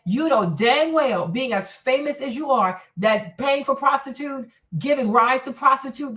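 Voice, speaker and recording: A woman's voice: a little high, fairly bright tone, recorded from a distance. A woman hosting a commentary stream, talking bluntly and scolding with repeated rhetorical questions. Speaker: commentary host. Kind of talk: casual commentary.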